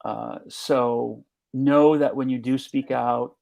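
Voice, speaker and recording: Older male guest, gravelly voice, halting and measured, frequent restarts. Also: medium pitch, fairly even intonation, a little mellow. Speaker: teacher and guest. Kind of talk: conversational interview.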